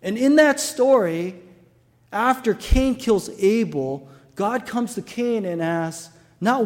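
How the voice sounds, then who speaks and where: A man's voice: high voice, lively intonation, slow pace, a little mellow, big-room sound. A male pastor preaching a sermon, telling stories and asking the congregation rhetorical questions.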